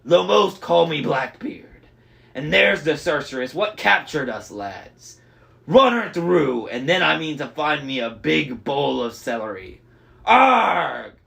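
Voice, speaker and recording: A big pirate man who bellows and growls, loud and rowdy, as a male reader acts him out. His voice is raised and rough, full of swagger. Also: a little high, sing-song, takes it slowly, exaggerated voice. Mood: boisterous.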